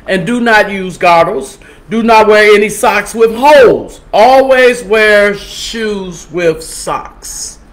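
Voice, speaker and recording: A middle-aged woman pastor speaks in a casual live-streamed health talk. She reads advice aloud in an earnest voice and keeps urging her listeners to act on it. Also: mid-range voice. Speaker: pastor and health show host.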